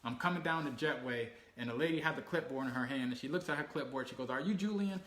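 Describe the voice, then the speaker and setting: On a family channel, a man casually tells a travel story, acting out the people he quotes and laughing along the way. He talks fast in a medium-pitched voice with a bright, forceful tone, recorded in an echoey room with faint ambient noise.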